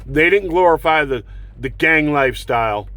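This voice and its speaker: A man's voice: fairly high pitch, expressive, normal speed, bright, forceful tone. A man delivering an angry, profane political rant, with sarcastic mocking whoops and heated rhetorical questions. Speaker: political vlogger. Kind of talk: angry ranting monologue.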